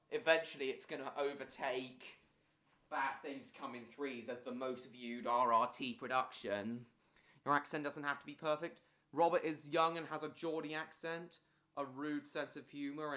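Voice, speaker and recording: A man's voice: mid-range voice, level tone, a little slow, sharp tone. A man talking casually on a live stream, answering viewers' chat messages one after another.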